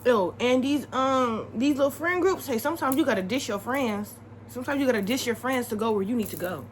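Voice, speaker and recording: Lively, high-voiced young woman vlogger. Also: fairly quick, a little hiss or hum, rough recording. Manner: animated and chatty, repeats points for emphasis, laughs often. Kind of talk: casual advice chat to the camera.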